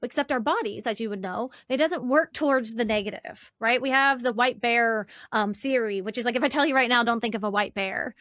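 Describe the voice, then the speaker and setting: A woman relationship coach, a guest in an interview, talking in an animated, chatty way with lots of "like" and "right?". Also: fairly high pitch, a little fast, hardly any pauses, dry recording, clean studio sound. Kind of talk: conversational interview.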